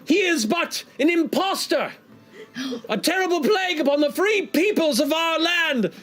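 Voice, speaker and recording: A man's voice: extremely high pitch, lively intonation, normal speed, fairly bright tone, soft background music, voice pushed up. A man voicing a woman actress playing a heroine in a tavern melodrama, declaiming grandly. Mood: grandiose.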